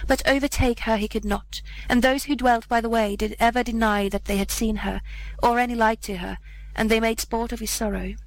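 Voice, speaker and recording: A woman narrating an old fairy tale aloud in a measured, solemn manner. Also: a little high, steady tone, poor audio. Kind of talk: storybook reading aloud.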